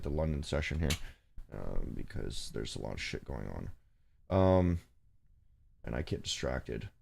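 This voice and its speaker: A man's voice: low-pitched, creaky, warm tone. A man hosting a casual trading livestream, rambling and swearing as he reads charts and shoos his cat. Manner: rambling, profane, talks to his cat and chat. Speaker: forex trading livestream host. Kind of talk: casual live-stream commentary.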